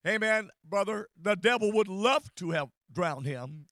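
A man preaching a fervent sermon, repeating phrases and rising to shouts. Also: sits high, animated, a little slow, no room sound.

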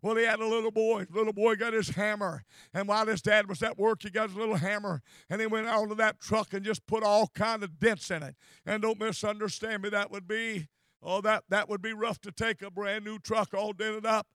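A man's voice: high voice, steady tone, brisk, fairly bright tone, clear, resonant tone, dry recording, clean studio sound. A man preaching a sermon with fervent delivery, often stumbling over and repeating his words.

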